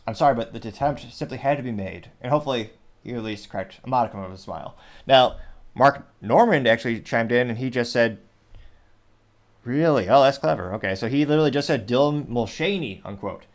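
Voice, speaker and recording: A host of a casual commentary show reads social media comments aloud in a mid-range voice at a fast pace. He adds wry, rambling asides and frequently corrects himself.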